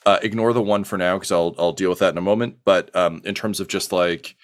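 A man narrating as game master of a tabletop game, casual and halting, with many fillers and restarts. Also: deep voice, fairly even intonation. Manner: hesitant, many ums and restarts, casual swearing.

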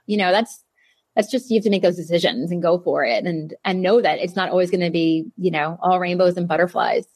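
A woman's voice: fairly low pitch, a little fast, a little mellow, dry recording. A woman in her thirties, a jewelry designer, answering interview questions in a candid, emphatic way. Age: 30s. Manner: candid, emphatic, repeats phrases.

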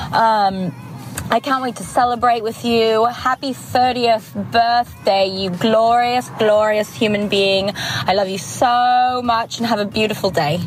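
A woman's voice: fairly high pitch, rough recording. A young woman putting on a vague, loosely English accent to record an affectionate birthday wish for a friend.

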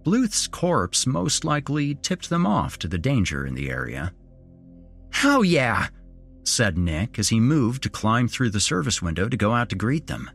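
A man's voice: medium pitch, very animated, moderate pace, creaky, few pauses, husky, soft background music. A man telling a first-person horror story, dramatic and moving between wry asides and tension.

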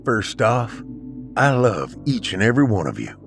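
Man voicing grieving older brother, ex-military, low voice, earnest, crisp orders, soft music behind. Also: sing-song, normal speed. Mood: tender grief.

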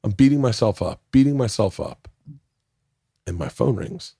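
Low-voiced man telling a rambling story. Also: expressive, moderate pace, gravelly, dark tone, husky, dry recording, studio quality. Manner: rambling storytelling with frequent swearing and restarts. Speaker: podcast guest, comedian. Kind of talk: casual chat.

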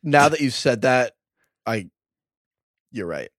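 A man co-hosting a football podcast in casual chat, excitable, laughing often and stumbling over his words. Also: mid-range voice, slow, no room sound, studio quality. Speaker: fantasy football podcast co-host.

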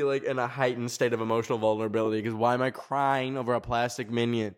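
A man of middle pitch hosts a loose, chatty show from his garage. He rambles through stories with plenty of fillers and self-mocking asides. He sounds hot and sweaty. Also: steady tone, fast. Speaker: podcast host. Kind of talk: casual chat.

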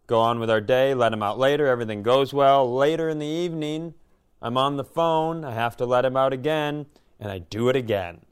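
Smooth-voiced man telling a rambling story. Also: medium pitch, a little fast. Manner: rambling storyteller, animated, swearing. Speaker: podcast co-host. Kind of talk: casual chat.

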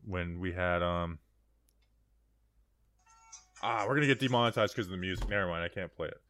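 A man hosting a casual sports podcast, briskly moving between segments and recapping standings. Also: sits low, fairly bright tone, slight background noise. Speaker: podcast host.

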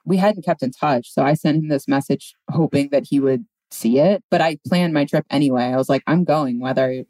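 A woman in her thirties telling a story as a podcast guest, deadpan and drawn out. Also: rumbling low, no echo, poor audio. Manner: deadpan, drawn-out delivery, puts on voices in anecdotes. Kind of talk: casual chat, storytelling.

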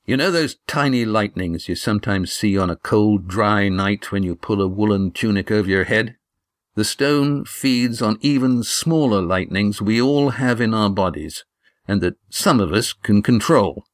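A man's voice: on the low side, measured pace, no echo, clean studio sound, natural voice. A man voicing a stern male leader in an audiobook, curt and commanding.

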